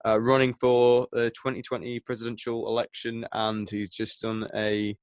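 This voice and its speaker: A man's voice: medium pitch, little pitch movement, moderate pace, smooth, dry recording. A young man, co-hosting a casual podcast chat, rambling and hesitant with lots of fillers. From England. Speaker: podcast co-host.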